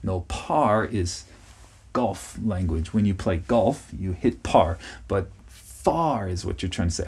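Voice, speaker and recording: Husky, mellow-voiced male teacher. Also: sits low, animated, slow pace. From United States. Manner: patient, repeats key words, checks with "okay?". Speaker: English teacher. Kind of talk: podcast pronunciation lesson.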